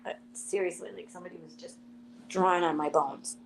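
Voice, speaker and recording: A woman's voice: on the low side, a little fast, vocal fry, poor audio. Woman, casual storyteller, acts out quotes, faint hum behind. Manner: animated storyteller, acts out quotes, laughs often. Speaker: live stream guest.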